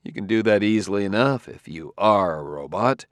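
A man voicing a sharp, commanding detective. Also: fairly low pitch, expressive, normal speed, no echo, clean studio sound, natural voice. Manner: sharp, giving crisp orders. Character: wary, commanding male human detective.

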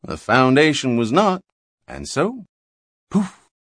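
A man's voice: mid-range voice, huge pitch swings, slow, fairly bright tone, no echo, studio quality, voice pushed up, full character voice. A man voicing a plump, fussy, good-natured older man in an audiobook, blustering in homely folksy talk. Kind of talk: audiobook character reading.

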